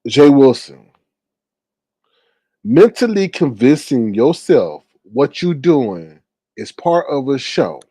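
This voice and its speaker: Man, livestream commentary host, exasperated rant, frequent sighs, mellow voice, dry close sound. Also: medium pitch, very animated, slow pace, long pauses, slightly rough, no echo. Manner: exasperated, sighing, talks straight to viewers. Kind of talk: casual ranting commentary.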